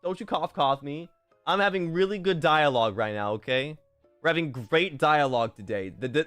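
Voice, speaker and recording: A young man streaming and casually chatting while reading fan messages, swearing often and jumping into loud outbursts. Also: fairly high pitch, dry recording. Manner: excitable, swears a lot, swings to loud outbursts.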